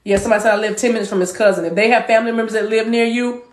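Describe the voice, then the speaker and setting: A woman with a fairly high, steady voice races through a live tarot reading for her viewers. She's talkative and repeats phrases, occasionally shifting into speaking in tongues. The recording has an echoey room sound.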